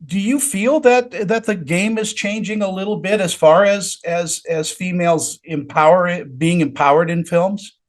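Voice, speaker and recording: A man's voice: sits high, a little slow, hardly any pauses. Eager, agreeable man hosting an interview. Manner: eager, agreeable, hesitant restarts. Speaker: interview host. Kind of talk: casual interview.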